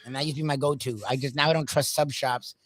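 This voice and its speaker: A man co-hosting a sports radio show, bantering quickly, laughing and swearing casually. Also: medium pitch, steady tone, a bit bright, no echo. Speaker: radio co-host.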